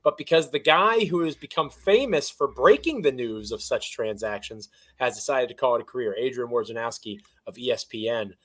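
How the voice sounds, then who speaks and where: A man's voice: medium pitch, animated, brisk, few pauses, fairly bright tone. A man co-hosting a sports podcast, chatty and self-deprecating as he runs through the show's intro and the news. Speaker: podcast co-host.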